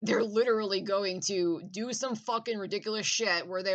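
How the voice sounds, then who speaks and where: A woman's voice: medium pitch, normal speed, few pauses, a bit bright, muffled recording. A woman in a casual, profane, intense rant with laughing asides.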